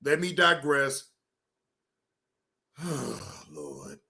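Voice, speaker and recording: A man hosting a livestream, ranting in a heated, profane way and repeatedly telling himself to calm down. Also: medium pitch, very slow. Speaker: livestream reaction host.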